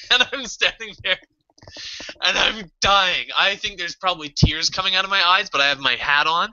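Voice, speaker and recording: A man co-hosting a podcast tells a story in loose casual chat, swearing freely and acting out his own past panic. His voice sits a little high and sounds bright and sharp. The recording is dull and lo-fi. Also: normal speed. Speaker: podcast co-host.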